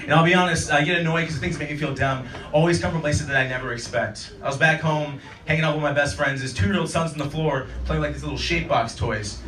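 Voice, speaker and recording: A man's voice: fairly high pitch, fast, few pauses, bright, forceful tone, a little hiss or hum. A man in his thirties performing a stand-up set in a comedy club, acting out characters in silly voices. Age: 30s. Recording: roomy club audio from a distance. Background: audience laughter.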